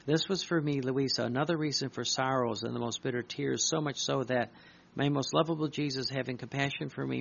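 A man's voice: medium pitch, gravelly, a bit bright, a little hiss or hum. A man preaching urgently, reading devotional writings aloud and breaking off to comment, repeating his points for emphasis. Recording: dull lo-fi recording.

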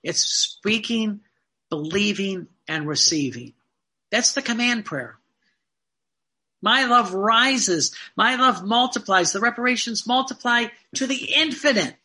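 A man's voice: sits high, expressive, slow pace, bright, forceful tone. A man preaching a sermon, earnest and emphatic, often repeating phrases and reading out quoted passages.

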